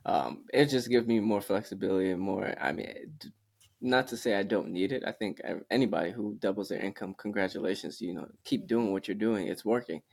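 A man co-hosting a podcast, giving his views in a measured, reflective way with some "um"s. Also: lowish voice, gravelly, darkish tone. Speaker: podcast co-host. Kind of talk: casual chat.

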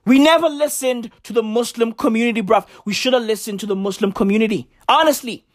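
A comedian delivering a rant full of street slang and swearing, often jumping up into shouts. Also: medium pitch, fast talker, dry recording, studio quality. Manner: slang-heavy, profane, animated swings into shouting.

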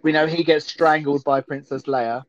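A man in a relaxed watch-along chat, talking in a slightly high voice that rambles along with lots of giggling. The recording is dry and close, with a dull, muffled tone. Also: normal speed, no room sound. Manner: giggly, rambling with frequent laughs. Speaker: podcast co-host. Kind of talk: casual chat while watching a film.

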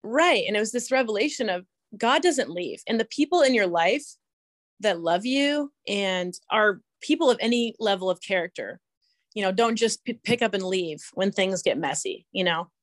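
Young woman cohost musing slowly, lots of restarts, dry close mic. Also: mid-range voice, lively intonation, dry recording. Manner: reflective, halting, many restarts. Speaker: podcast co-host. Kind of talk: casual faith conversation.

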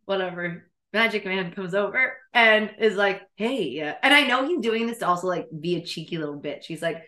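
A young woman telling a dating story to her co-hosts in casual chat, animated and laughing, swearing freely. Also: medium pitch, a little fast, roomy sound. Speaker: podcast co-host.

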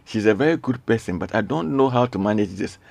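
A man hosts a radio call-in program from the studio, earnestly reading listener messages aloud. His voice sits very low with a gravelly fry. The sound is dry and close. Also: lively intonation, quick pace, a little mellow, dry recording. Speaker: radio show host. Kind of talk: radio call-in talk show.

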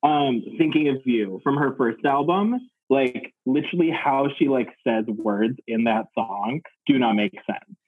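A man co-hosting a casual chat, his voice husky and a bit rough. He is relaxed and wry, with lots of fillers. The recording sounds dull and lo-fi. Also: mid-range voice, a little slow. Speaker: podcast co-host.

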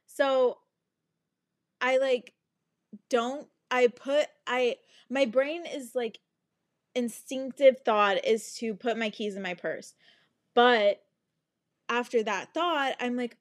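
A woman's voice: fairly high pitch, slow, pauses often. A young adult woman hosting a podcast, telling a story in a casual monologue full of swearing and sing-song asides. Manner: animated, swears often, breaks into laughs and sing-song asides. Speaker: podcast host.

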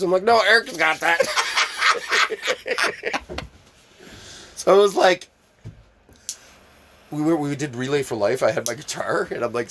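A man's voice: medium pitch, fairly bright tone, slight background noise. A man telling crude, profane stories in casual chat, laughing through them. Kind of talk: casual comedic storytelling.

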